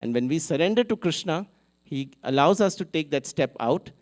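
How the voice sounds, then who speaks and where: Brief: male temple speaker, slightly higher voice, chatty storytelling sermon delivered live. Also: lively intonation, moderate pace. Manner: conversational storytelling, acting out the characters.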